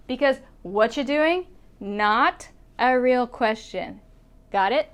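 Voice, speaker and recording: A woman teaching English pronunciation, modeling phrases slowly and checking in with "okay?" as she goes. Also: on the high side, lively intonation, fairly bright tone. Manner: repeats phrases, checks in with "okay?", laughs often.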